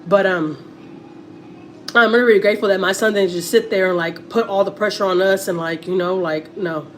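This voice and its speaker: A woman's voice: mid-range voice, steady tone, fairly quick, a little hiss or hum. A middle-aged woman with a Texas accent chatting casually to viewers on a family livestream, repeating words and using many fillers.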